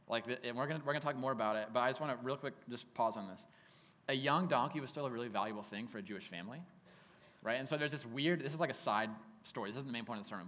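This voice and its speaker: A male pastor preaching in a relaxed, conversational way. His voice sits at a middle pitch, and he tells stories with lots of "like". A long hall reverb trails each phrase. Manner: casual, animated storytelling with frequent "like". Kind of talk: sermon.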